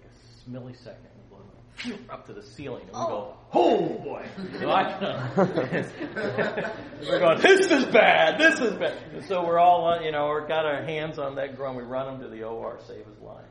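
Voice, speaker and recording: A middle-aged man teaching from the Bible to a small group, acting out quotes loudly and joking with his listeners. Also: on the high side, big pitch swings, moderate pace, creaky, a crowd in the background. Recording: echoey room with faint ambience.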